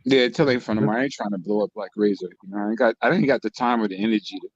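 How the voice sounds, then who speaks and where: A man telling lively stories in a casual online group chat. He swears freely, laughs a lot and mimics the lines of other people. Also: fairly low pitch, rapid-fire, no echo, lo-fi sound. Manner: animated storyteller, profane, mimics others' lines, laughs often. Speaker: channel host telling stories to co-hosts.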